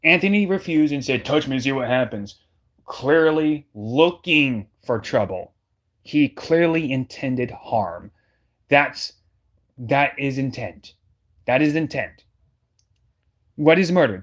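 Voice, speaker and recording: A man's voice: medium pitch, expressive, measured pace, highs cut off. A man giving heated, scornful reaction commentary as a streamer, speaking straight to his viewers. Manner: emphatic, scornful, addresses the audience directly.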